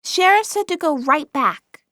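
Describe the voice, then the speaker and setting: A woman's voice: high voice, expressive, a little slow, bright, forceful tone, no room sound, studio quality, pitched above the performer's own voice, heavily acted. A woman voicing a friendly, bubbly young receptionist in an audiobook. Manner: bubbly, chirpy.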